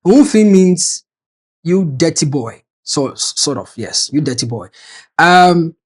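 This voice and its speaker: An animated man talks through online comments in a casual, sarcastic vlog commentary. He jumps between loud jabs and quiet asides. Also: on the high side, a little slow, breathy edge. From Ghana. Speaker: media personality.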